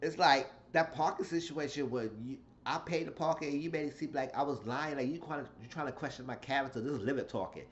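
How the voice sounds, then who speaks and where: A man casually recapping a reality show episode, telling it in an animated, profane way. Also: fast talker, hardly any pauses, highs cut off, a little hiss or hum. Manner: animated storytelling, shifting into high acted quotes.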